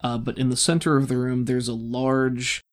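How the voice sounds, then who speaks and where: Man, game master, casual narration, mid-pitched voice, descriptive, filler words. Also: moderate pace. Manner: descriptive, relaxed, many fillers.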